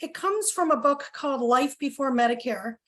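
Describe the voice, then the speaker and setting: Middle-aged woman, high voice, earnest and emotional public speaker at a community meeting. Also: lively intonation, normal speed, a bit bright. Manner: earnest and emotional, many fillers and apologies. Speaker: health coalition speaker at a town hall. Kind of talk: public speech at a town hall.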